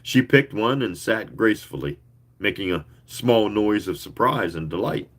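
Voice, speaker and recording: A man reading a story aloud in an expressive, leisurely way, with occasional asides. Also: lowish voice, normal speed. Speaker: reader.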